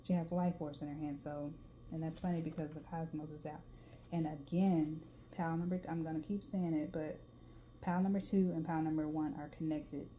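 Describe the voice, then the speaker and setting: A woman's voice: low-pitched, warm tone. A woman with a Southern US drawl giving a casual tarot reading, chatty and reading card texts aloud. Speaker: tarot reader. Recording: faint background noise.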